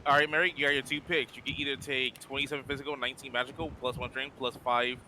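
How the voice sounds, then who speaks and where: A man streaming a video game with friends, casually sorting and auctioning off gear and reading out item numbers with quick restarts. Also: mid-range voice, level tone, pushed and bright, slight background noise. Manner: organizing, auctioning items, lists numbers with restarts. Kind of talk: casual gaming chat.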